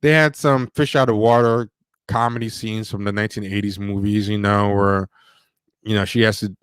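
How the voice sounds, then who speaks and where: A man's voice: fairly low pitch, fairly even intonation, moderate pace, clear, resonant tone, dry recording. A man hosting a livestream, rambling casually about movies with lots of fillers and restarts. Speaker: podcast host.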